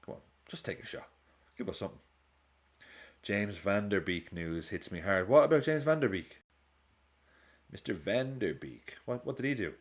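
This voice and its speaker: Male streamer in his 30s, low register with very animated pitch, casual and reactive, curses freely. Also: moderate pace, long pauses. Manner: reactive, swears freely, jumps between match commentary and films. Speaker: streamer watching a football match live. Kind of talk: casual watch-along chat.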